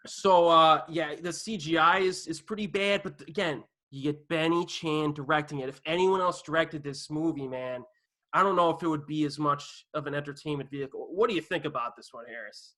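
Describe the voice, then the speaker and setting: A man with a fairly high, bright voice hosts a casual film podcast. He talks with enthusiasm, cracks jokes and slips in quick asides. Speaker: podcast host. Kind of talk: casual movie discussion.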